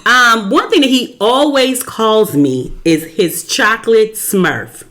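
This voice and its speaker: A woman co-hosting a casual podcast with her husband, sassy and quick to laugh in their banter. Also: a little high, expressive, fairly bright tone. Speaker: podcast co-host. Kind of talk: casual chat.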